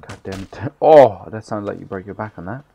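A tired young man giving casual, rambling gameplay commentary, swearing freely with loud bursts of excitement. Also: fairly low pitch, brisk, creaky, breathy edge. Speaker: gaming YouTuber.

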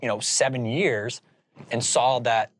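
A man's voice: medium pitch, unhurried, slight background noise. A man from Indiana, a filmmaker guest in an interview, telling a story casually and animatedly with lots of "like". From Indiana, USA. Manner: animated storyteller, heavy use of "like".

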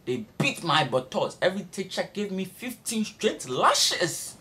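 A young man performs a comic storytelling monologue, and his pitch swings widely through every sentence. He tells it with animated energy and jumps into high shrieks and bursts of laughter. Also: measured pace. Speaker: comedic storyteller.

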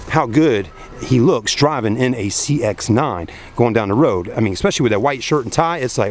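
A tired, folksy car vlogger with a mid-range voice records on a camera mic, hot and worn out after a long day. He talks animatedly and briskly, with hardly any pauses, doing a casual walkaround review at a car dealership at night before moving inside a car.

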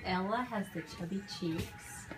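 A woman gently explaining things to a child in a hospital room. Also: medium pitch, a little slow, over music, rough recording. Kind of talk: casual family chat.

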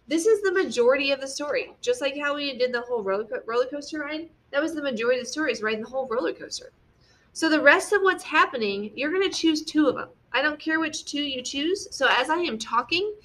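Young female teacher, bright voice, patient step-by-step classroom explainer. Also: on the high side. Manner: patient, explains step by step with frequent "okay?" checks. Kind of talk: classroom lesson on story structure.

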